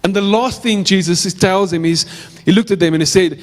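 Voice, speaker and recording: Man preaching, South African accent, high voice, ringing church hall, earnest storytelling. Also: fairly quick. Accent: South African English. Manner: earnest storytelling preaching, repeats phrases for emphasis. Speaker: pastor. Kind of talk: sermon.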